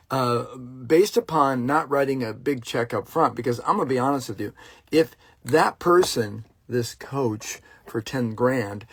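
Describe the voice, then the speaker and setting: A man's voice: medium pitch, breathy edge, no room sound. A middle-aged man who works as an actor, talking casually and bluntly to his viewers, heated and profane, breaking off to greet people in the chat. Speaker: working actor and online host. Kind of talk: casual livestream rant.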